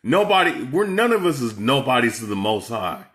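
Bright-voiced angry preacher man, profane. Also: medium pitch, very animated, normal speed. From Seattle, USA. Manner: heated, profane, confrontational. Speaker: online preacher and commentator. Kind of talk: angry reaction commentary.

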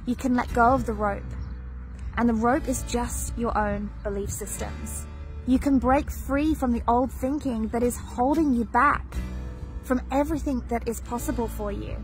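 A woman coach speaks in an earnest, emphatic motivational voice-over. Her voice sits a little high, and a clear music track plays beneath her. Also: normal speed. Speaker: business coach.

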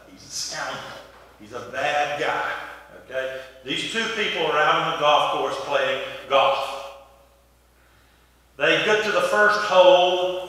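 A man preaching from the pulpit in a loose, folksy storytelling manner. His voice sits a bit high and sounds bright. He is picked up from a distance in a big church, so long echoes trail behind every phrase. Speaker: pastor. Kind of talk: sermon. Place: church sanctuary. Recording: echoey hall from far off.

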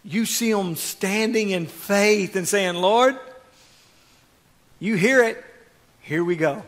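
A man preaching a sermon as pastor, swinging from quiet asides to loud, fervent exhortation. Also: sits high, takes it slowly, long reverb tail.

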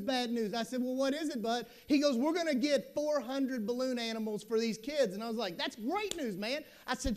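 A middle-aged man giving a conference keynote, telling stories in a folksy, animated way with asides to the audience. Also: very high-pitched. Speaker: school superintendent giving a keynote. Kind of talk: storytelling conference talk.

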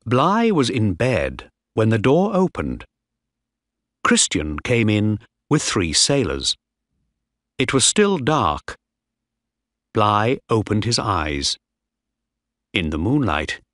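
A man narrating a graded-reader audiobook in a slow, clear storytelling manner. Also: lowish voice, huge pitch swings, fairly bright tone, no echo, clean studio sound.

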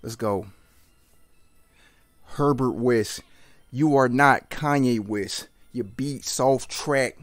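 A man giving excited, trash-talking commentary while playing a fighting game, yelping and laughing often. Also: medium pitch, extremely slow, long pauses, dry recording, faint music behind. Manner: animated, yelps and laughs, trash-talks the opponent. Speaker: gaming channel host.

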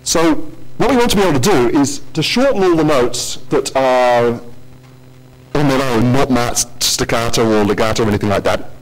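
A man's voice: medium pitch, lively intonation, normal speed. A man presenting a technical conference talk in a lecture hall, with joking asides to the audience.

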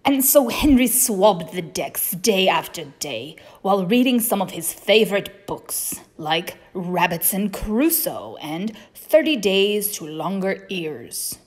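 A woman's voice: medium pitch, very animated, slow pace, few pauses. A woman reading a children's storybook aloud, with a playful pirate-themed delivery.

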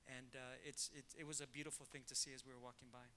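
A man's voice: mid-range voice, flat delivery, very fast, sharp tone, slight background noise. A man, a pastor, speaking to his congregation in an emphatic preacherly way, repeating points for stress. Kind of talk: talk to a congregation.

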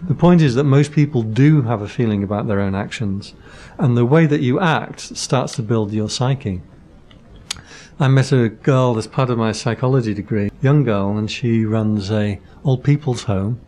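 Man, Buddhist monk guest, patient explainer, dry humor, mid-pitched voice. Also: normal speed, warm tone. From Britain. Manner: patient explainer who uses analogies and dry jokes. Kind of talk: casual podcast conversation.

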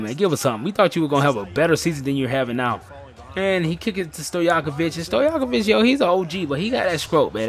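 A man giving casual, slangy play-by-play commentary over a basketball video game, excitable and heckling his own players. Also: fairly high pitch. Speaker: gaming channel host.

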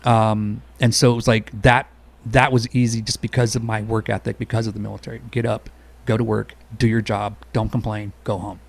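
Gravelly fast-talking male veteran. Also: lowish voice, flat delivery. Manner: blunt, quick, conversational. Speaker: Army veteran and singer-songwriter guest. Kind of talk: casual interview storytelling.

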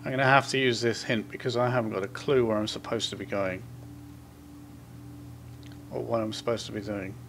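A man giving horror game commentary, muttering asides to himself and reading in-game notes aloud in quick bursts. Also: fairly low pitch, steady tone, vocal fry, fairly bright tone, slight background noise. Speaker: gameplay commentator.

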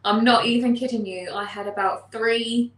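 A woman's voice: on the high side, fairly even intonation, moderate pace, slight background noise. A woman co-hosting a live stream, blunt and teasing in casual chat. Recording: echoey room, a little far from the mic.

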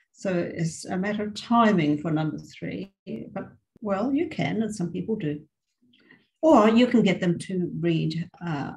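A woman's voice: mid-range voice, darkish tone, rough recording. A woman giving an informal teacher-training lecture, thinking aloud with frequent restarts. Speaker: guest lecturer.

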